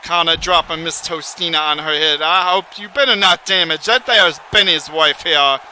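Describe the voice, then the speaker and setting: A man giving excitable, folksy, rambling play-by-play commentary on a wrestling video game. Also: fairly high pitch, normal speed, a little hiss or hum, poor audio.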